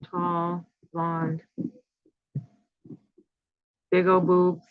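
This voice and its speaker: A woman's voice: on the low side, completely flat delivery, very slow, no echo. Rambling woman in her fifties, dull dry mic. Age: 50s. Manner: rambling, conspiratorial, with filler words. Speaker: channel host. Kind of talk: casual monologue. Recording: slightly dull, dry home recording.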